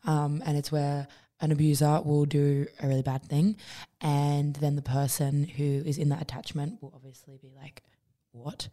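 Young aussie woman chatting on a podcast, kinda low voice, says "like" constantly, acts out her stories. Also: moderate pace. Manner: chatty, lots of "like" fillers and restarts; animated storytelling, acts out quotes. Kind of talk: casual chat.

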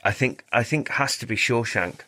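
A man's voice: mid-range voice, normal speed, bright, forceful tone. A man, a podcast guest, talking in a loose, chatty way, often restarting his sentences and swearing. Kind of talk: casual interview chat.

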